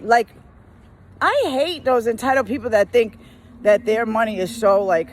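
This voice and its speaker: A woman's voice: on the high side, expressive, moderate pace. A woman who works in retail, venting in a casual rant while driving, exasperated and full of slang, mimicking customers as she goes. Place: in a car.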